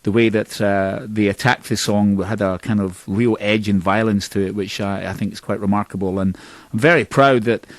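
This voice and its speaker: A middle-aged Scottish man who sings in a band tells long, rambling stories as a radio interview guest, laughing and mocking himself as he goes. His voice is fairly low in pitch, with a steady tone, a moderate pace, and a dry recording.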